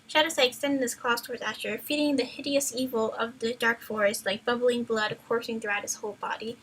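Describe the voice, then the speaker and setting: A woman's voice: on the high side, fairly even intonation, a little fast, few pauses, a bit bright, slight background noise, low-quality recording. A woman streamer reading a book aloud to friends, playful and chatty, stumbling and going off on tangents. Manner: playful, chatty, loses her place in the text. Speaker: streamer, reader.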